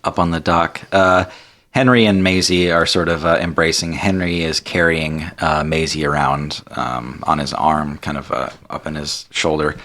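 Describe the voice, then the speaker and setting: A man narrating a tabletop game as game master, animated and laughing through the story. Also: a bass voice, moderate pace.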